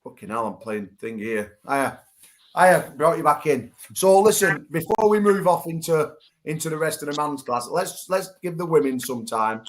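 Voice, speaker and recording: A man with a somewhat high, animated voice speaks at a moderate pace. He hosts a casual online chat show over a video call, teasing and swearing with his guests and laughing loudly.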